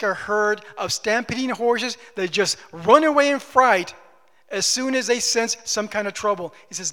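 A man's voice: high-pitched, normal speed, pushed and bright. A man preaching a sermon as pastor, exhorting with emphatic repetition, in a long church reverb.

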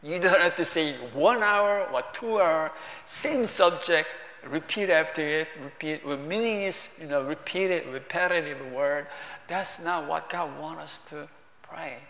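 A male pastor delivers a sermon slowly in a high voice, preaching warmly and conversationally in broken English before rising into emphatic bursts. He's in an echoey hall with long reverb.

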